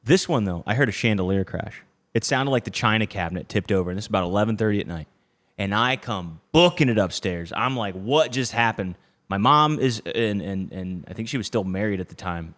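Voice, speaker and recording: Young guy podcast host, super animated storytelling, voice jumps all over, swears a lot, keeps saying okay. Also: fairly low pitch, a little fast. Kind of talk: casual chat, storytelling.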